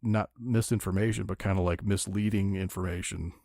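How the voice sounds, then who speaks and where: A man's voice: low voice, fairly even intonation, a little fast, gravelly, darkish tone, no room sound, clean studio sound. A man co-hosting a comic-book podcast in casual chat, explaining his points at length. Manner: explanatory, rambling with restarts. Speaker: podcast co-host.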